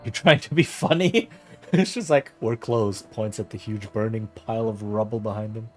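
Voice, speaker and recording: A man's voice: on the low side, lively intonation, normal speed, a little mellow, faint music behind. A man streaming a game, tired and yawning, thinking aloud and joking casually. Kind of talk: casual gameplay commentary.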